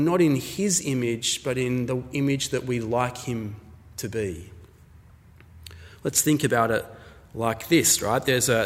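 A man delivers a sermon in a relaxed, conversational way, telling stories and acting out little exchanges as he goes. His voice sits a little higher than most men's. Long reverb trails his words around a large hall. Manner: conversational, storytelling, acts out voices in anecdotes. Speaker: pastor.

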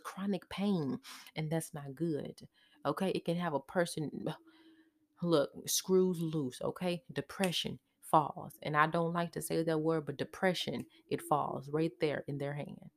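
A woman's voice: sits low, gravelly. A woman giving a casual tarot reading over a recording, reassuring the listener and tacking "okay?" onto nearly every phrase. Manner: chatty and emotional, warm thanks. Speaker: tarot reader.

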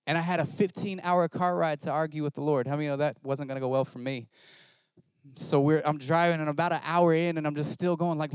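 A male pastor preaching a sermon, telling a story in an animated, self-mocking way. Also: on the high side, brisk, smooth, dry recording.

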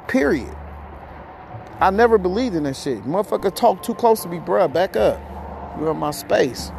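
A man rants on his podcast in a rough, gravelly voice, cursing freely as his thoughts tumble out. He sounds a little short of breath as he vents, and faint music plays in the background. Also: on the high side, darkish tone. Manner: profane, heated, rambling. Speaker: podcast host. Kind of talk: ranting monologue.

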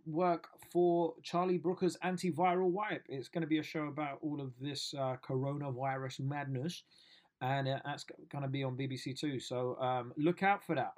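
Excitable man, slangy and swearing. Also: mid-range voice. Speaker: comedian vlogger. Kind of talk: casual lockdown video diary.

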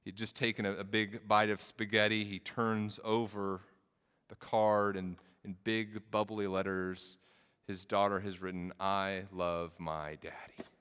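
A man preaches in a reverberant sanctuary. His voice is bright, smooth and resonant. He moves from quiet storytelling into emphatic, rising preaching. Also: fairly low pitch, flat delivery, measured pace. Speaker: pastor. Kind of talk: sermon.

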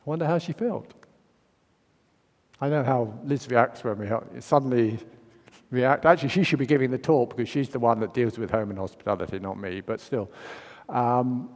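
A man's voice: mid-range voice, normal speed. A man giving a conversational sermon, asking questions and acting out the story. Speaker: preacher. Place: church. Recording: long church reverb.

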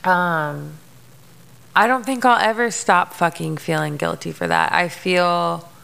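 A young woman hosts her podcast in a frank, emotional monologue. Her voice has a gravelly fry, yet it stays smooth and resonant. She swears freely and leans on fillers. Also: lowish voice, slow pace, a bit bright. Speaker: podcast host. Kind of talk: candid personal monologue.

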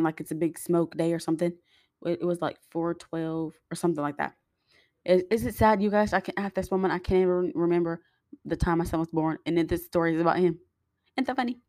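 A young woman with a lowish voice tells her viewers a personal story in a loose, rambling, chatty way. She acts out what she and others said as she goes. The sound is dry and close. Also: a little mellow, no echo. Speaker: vlogger.

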